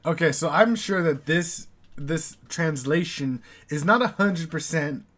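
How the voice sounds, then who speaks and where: A man's voice: fairly high pitch, unhurried, a bit bright. An American man casually reacting to a video, musing aloud and chuckling.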